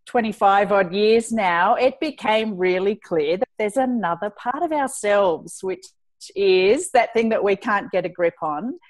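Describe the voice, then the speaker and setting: A middle-aged woman with an Australian accent answers interview questions as a guest expert. Her voice sits in a middle pitch, and she explains things in a calm, steady manner. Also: a little slow. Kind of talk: interview conversation.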